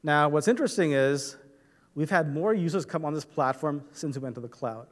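In a big hall that leaves a long reverb tail, a conference presenter with a slightly raised, fairly high voice delivers a technical talk. His style is explanatory and step by step, peppered with "uh" pauses and "right?" check-ins.

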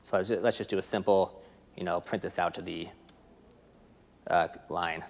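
A man with an American accent giving a fast, filler-laden technical conference talk while demoing code. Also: sits low, steady tone, creaky. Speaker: conference presenter. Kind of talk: live coding demo talk.

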